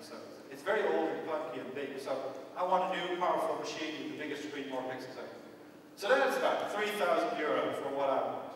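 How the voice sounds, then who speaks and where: A man's voice: on the high side, fairly bright tone, a little hiss or hum. A man with a Dutch accent giving a conference talk in a lecture hall. He speaks in a conversational, wry way and keeps checking in with the audience. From Netherlands. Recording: echoey hall, voice from far off.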